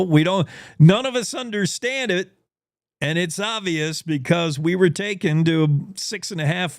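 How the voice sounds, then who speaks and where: A male talk show host runs through figures in a relaxed, conversational manner and tosses in wry, folksy asides. His voice sits a bit higher than most men's. The sound is dry and close. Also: dry recording. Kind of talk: conversational news commentary.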